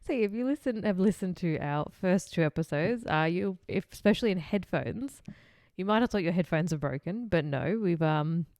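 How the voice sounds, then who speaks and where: A woman's voice: lowish voice, lively intonation, normal speed, darkish tone, no echo, studio quality. A young woman co-hosting a true-crime podcast, chatty, laughing often and swearing casually. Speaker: podcast co-host.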